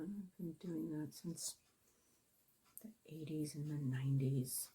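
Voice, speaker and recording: A middle-aged makeup vlogger's low, husky, slightly mellow voice moves a little slowly as she chats through a tutorial. Bluntness, free swearing, and jokes at her own expense run through her talk.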